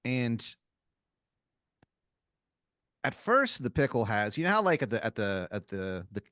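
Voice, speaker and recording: A man's voice: medium pitch, big pitch swings, measured pace, fairly bright tone, dry recording, studio quality. A man co-hosting a comedy podcast, spinning an improvised second-person story in a rambling way, full of fillers and restarts. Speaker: podcast co-host.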